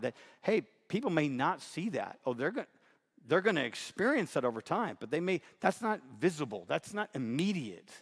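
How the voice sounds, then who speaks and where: A man's voice: medium pitch, big-room sound. A man preaching in a conversational, emphatic sermon style, often repeating himself.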